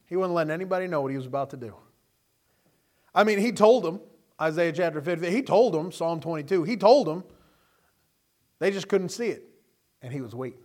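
A man preaching a sermon, telling Bible stories with animated delivery and acting out the characters. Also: fairly high pitch, fairly quick, pauses often. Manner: animated storytelling, acting out scenes in character voices.

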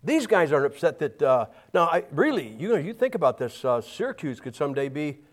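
A man's voice: a little high, very animated, a little fast. A man preaching a folksy, rambling sermon, full of restarts and asides.

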